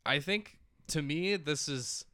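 A man's voice: fairly high pitch, slow pace, bright, forceful tone, dry recording, studio quality. A man co-hosting a sports podcast in a casual chat, reading out lists and laughing often. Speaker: podcast co-host.

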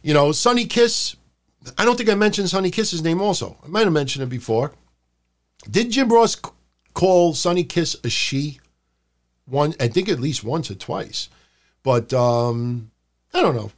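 A man hosting a wrestling review podcast, talking casually and rambling, swearing freely and dropping into shouted impressions. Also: on the high side, expressive, a little slow, pauses often. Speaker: podcast host.

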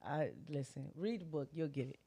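Animated woman telling a personal story. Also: deep voice, normal speed, breathy edge. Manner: animated storytelling with slang and quoted dialogue. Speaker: guest sharing her story. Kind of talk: candid casual chat.

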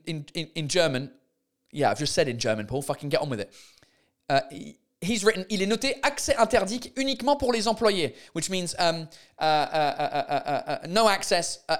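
Laughing through a string of mistranslated signs, a comedy podcast host keeps up a casual, profane monologue. His voice is on the high side and a bit bright.

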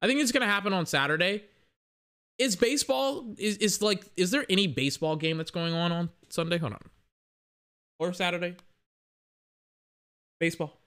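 A man's voice: high voice, moderate pace, pauses often, a bit bright, clear, resonant tone. A young man in a casual, rambling sports rant that is profane and full of self-corrections.

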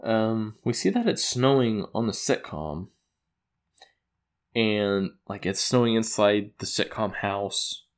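A man's voice: on the low side, animated, takes it slowly. A man casually recapping an episode he wrote, rambling with fillers, chuckling and correcting himself. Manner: loose and chuckling, with frequent fillers and self-corrections.

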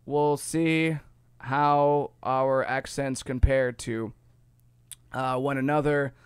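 Ohio guy co-hosting a casual talk show, smooth resonant voice, meandering and self-correcting delivery. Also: mid-range voice, slow, no echo, clean studio sound. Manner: rambling, self-correcting, lively explainer. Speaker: podcast co-host. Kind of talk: casual chat.

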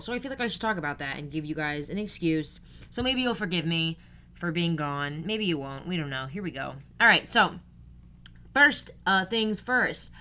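A woman's voice: lowish voice, bright, forceful tone. A young woman in her twenties hosting a podcast, chatting casually on her own with lots of fillers and rambling asides. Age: 20s. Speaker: podcast host. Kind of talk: casual solo podcast chat.

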